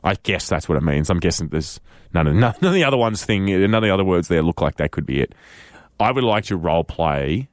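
A man's voice: low voice, fast, no room sound. A man, a radio host bantering playfully on a studio microphone. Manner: playful, animated storytelling.

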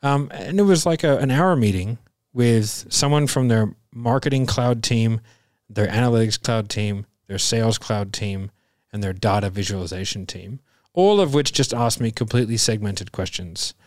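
Animated storytelling man, dry close mic. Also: on the low side, moderate pace, no echo. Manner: animated storyteller, acts out quoted voices with laughs. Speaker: podcast host. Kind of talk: casual chat.

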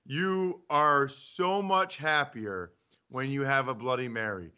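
A man co-hosting a casual sports show from home, teasing and animated, acting out little bits. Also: medium pitch, slow pace, smooth. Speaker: co-host. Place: home studio. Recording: dull lo-fi remote audio.

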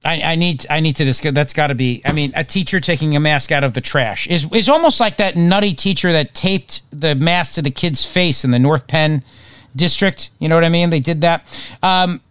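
A male talk host rambles through political commentary on very little sleep and jumps from one topic to the next. His voice sits a bit high for a man. The studio sound is dry and close, with no room echo. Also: moderate pace, a bit bright, smooth. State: short on sleep.

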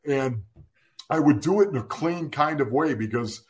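A man's voice: a little high, moderate pace. A man, a former football player, telling a story on a podcast and laughing through it as he recites playful mock insults. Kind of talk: casual storytelling chat.

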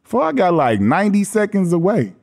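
A man's voice: sits high, a little fast. A man from Los Angeles, a podcast guest, telling casual stories and acting out the voices of the people in them with a lot of laughter. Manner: animated storyteller who acts out quoted voices, laughing often. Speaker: podcast guest, former basketball player. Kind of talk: casual storytelling chat.

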